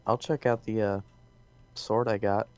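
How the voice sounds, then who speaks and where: Lowish male player, wry, double-checks what he hears. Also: fairly even intonation, a little slow. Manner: wry, repeats details back to check them. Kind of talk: casual tabletop play over voice chat.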